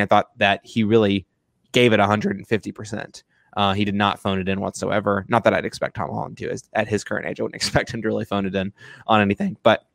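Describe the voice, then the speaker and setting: A man's voice: fairly low pitch, a bit bright, dry recording, studio quality. A man co-hosting a casual film review chat, rambling with many restarts and fillers. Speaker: film review podcast co-host.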